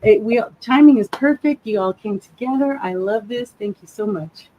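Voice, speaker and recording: A woman's voice: on the high side, moderate pace, highs cut off. A woman hosting a casual livestream, bubbly and chatty, greeting viewers by name and laughing often. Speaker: livestream host. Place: hot room at home.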